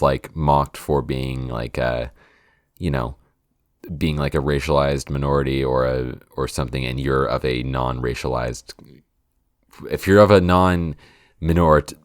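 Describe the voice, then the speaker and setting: Very deep-voiced American man, laid-back. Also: no echo, studio quality. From United States. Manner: laid-back, rambling, repeats himself. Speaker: podcast co-host. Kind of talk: casual chat.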